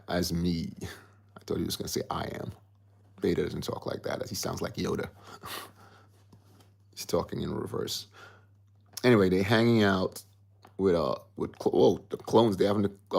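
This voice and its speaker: A man with a low, gravelly voice hosts a casual livestream from home. He rambles in a chatty way and reads out viewer comments as they come in. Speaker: livestream host.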